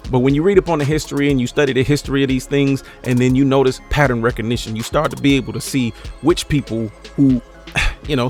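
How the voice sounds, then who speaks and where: A man speaking in a mid-range voice, ranting bluntly and heatedly with plenty of profanity. He talks unscripted, like a commentary channel host. Faint music plays underneath. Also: medium pitch.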